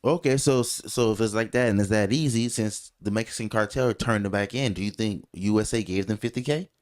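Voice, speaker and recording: A man with a fairly low voice co-hosts a relaxed podcast chat. He talks loosely and tells his stories with plenty of animation. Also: brisk. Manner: loose, animated storytelling with jokey put-on voices. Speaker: podcast co-host.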